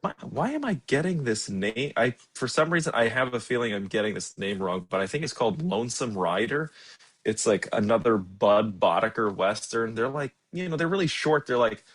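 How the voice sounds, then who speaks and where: A man's voice: mid-range voice, animated, moderate pace. A man co-hosting a film podcast, easygoing, thinking aloud as he recommends films. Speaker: podcast co-host. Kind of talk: casual film podcast chat.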